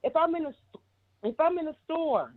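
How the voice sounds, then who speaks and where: High-voiced woman on a tinny phone line. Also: lively intonation, normal speed. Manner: emphatic and heated, repeats herself, curses freely. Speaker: guest commentator. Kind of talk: casual commentary.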